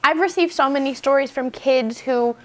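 A woman hosting an interview, telling a story in an emotional, animated way. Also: high-pitched, moderate pace. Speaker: podcast host. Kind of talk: conversational interview.

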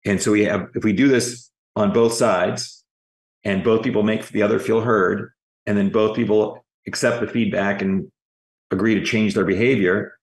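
A man working as an executive coach, telling stories in a podcast interview and acting out the dialogue in them. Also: on the low side. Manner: lively anecdotes, re-enacting dialogue in quotes.

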